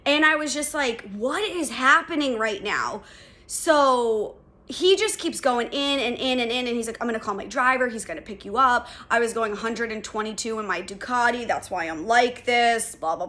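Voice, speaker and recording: A young adult woman hosting a podcast, telling a story in a casual, animated way, with lots of filler words and swearing. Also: fairly high pitch, moderate pace. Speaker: podcast host.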